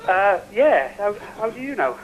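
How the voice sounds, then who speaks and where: Man, caller, phone line, hesitant, sheepish, slightly high voice. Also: big pitch swings, normal speed. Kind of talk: phone-in on live TV.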